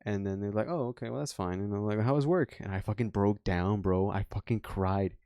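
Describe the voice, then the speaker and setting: A man's voice: on the low side, a little fast, mellow, clean tone, dry recording. Young man, frustrated, swearing, rambling, dry close sound. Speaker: vlogger. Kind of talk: candid personal vent.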